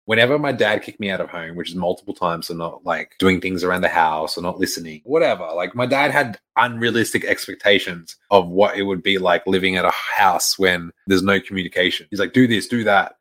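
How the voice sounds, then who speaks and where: A man's voice: low-pitched, a little fast, hardly any pauses, a bit bright. A young man telling a personal story in a frank, casual way, swearing freely and laughing between lines. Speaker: fitness coach sharing a personal story.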